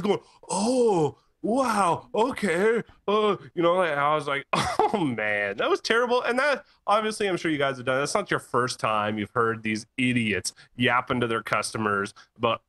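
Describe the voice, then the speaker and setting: A man co-hosting a casual podcast, telling animated stories and laughing often. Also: a little high, fairly quick, few pauses. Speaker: podcast co-host. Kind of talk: casual chat, storytelling. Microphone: headset or desk mic in a live-streamed podcast.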